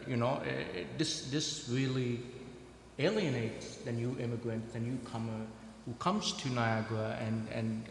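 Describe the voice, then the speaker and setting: A man speaks on a community panel and keeps halting and restarting his sentences. His voice has a gravelly edge. It echoes through a church hall with faint noise behind it. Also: mid-range voice, a bit bright. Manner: halting, many fillers and restarts. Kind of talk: panel discussion answer.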